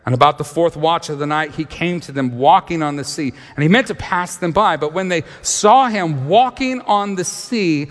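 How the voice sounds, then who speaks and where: A man preaching a sermon, reading scripture and retelling it in lively storytelling, acting out the characters' voices. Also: fairly high pitch, big-room sound. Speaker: pastor.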